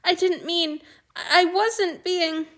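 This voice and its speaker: A woman's voice: sits high, lively intonation, slow, fairly bright tone, pitched above the performer's own voice, heavily acted. A woman voicing an anxious young man who is crying, stammering and breaking off mid-sentence in an audiobook reading of fan fiction.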